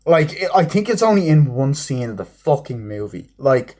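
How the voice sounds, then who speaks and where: A man's voice: medium pitch, very animated, normal speed, darkish tone. A young man giving an exasperated film review, swearing often and filling his talk with "like.". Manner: exasperated, swears a lot, repeats "like". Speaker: movie reviewer.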